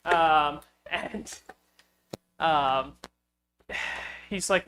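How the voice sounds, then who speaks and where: A man's voice: fairly high pitch, a little slow, long pauses, a bit bright, a little hiss or hum, low-quality recording. A man hosting a car-building video, telling a story casually with lots of fillers and chuckles. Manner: rambling, with frequent fillers and chuckles.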